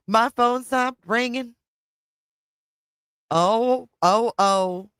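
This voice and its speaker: A woman's voice: medium pitch, sing-song, slow, pauses often, a bit bright, no echo, clean studio sound. A woman hosting a live reaction stream, making wry, sarcastic asides. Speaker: reaction channel host.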